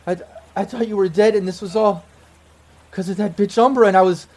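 A man doing a sobbing female rebel leader, frantic and tearful, her voice cracking high and loud. She pours out grief and relief in a rush, in a tabletop game voice. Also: steady tone, brisk. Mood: emotional, bitter. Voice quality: shrill and tearful.

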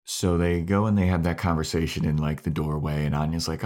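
A man's voice: rumbling low, fairly even intonation, a little fast, a little mellow. A man co-hosting a TV recap podcast in casual chat, retelling scenes bluntly and swearing freely. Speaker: podcast co-host.

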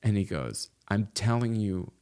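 A man's voice: lowish voice, lively intonation, measured pace, darkish tone. A middle-aged man chatting casually as a podcast guest, telling a long story with many fillers and restarts. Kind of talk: casual chat.

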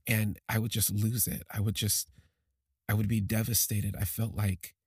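Halting husky man telling a personal story. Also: on the low side, level tone, darkish tone, no echo, studio quality. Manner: halting, emotional, with many restarts. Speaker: podcast storyteller.

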